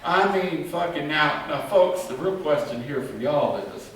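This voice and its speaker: A man's voice: fairly high pitch, animated, unhurried, hardly any pauses. A man doing a crude, rambling stand-up monologue, swearing a lot and laughing at his own jokes. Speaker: stand-up comedian. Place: live comedy venue. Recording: echoey live room from far off. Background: crowd.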